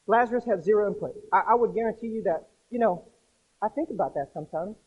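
A man preaching a casual sermon to a group, chatty and animated, acting out voices in his stories. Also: very high voice, brisk, highs cut off. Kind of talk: conversational sermon.

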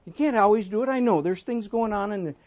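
A man in his sixties preaching a sermon, telling folksy stories and swinging between emphatic points and soft asides. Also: high voice, fast. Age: 60s. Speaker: pastor.

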